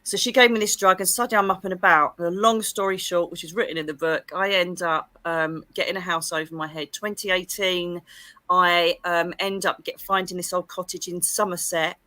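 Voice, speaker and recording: A middle-aged woman with an English accent recounts her experiences as an interview guest. Her voice is bright and pressing, pitched a little low, and she talks in a lively, expressive way. The sound is dry and close. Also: fairly quick, dry recording. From England. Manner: lively, expressive, acts out quoted dialogue. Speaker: psychic medium guest. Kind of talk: animated storytelling in an interview.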